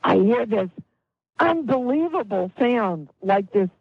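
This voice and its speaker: A middle-aged or older woman, a guest healer, telling a story in an interview with animated delivery and acted-out quotes. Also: mid-range voice, slow pace, creaky, slightly rough, no echo, phone-quality sound.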